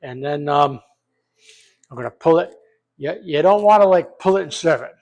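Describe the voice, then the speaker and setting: Brief: older male vlog host, gravelly and a touch high-pitched, profane and jokey home-kitchen chatter. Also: expressive, normal speed, darkish tone. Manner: profane, joking, off the cuff. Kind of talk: casual cooking vlog.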